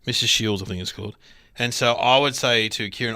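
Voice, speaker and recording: A man co-hosting a podcast, telling stories in an animated, chatty way. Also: mid-range voice, brisk, clean tone, no room sound, studio quality. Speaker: podcast co-host. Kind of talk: casual chat.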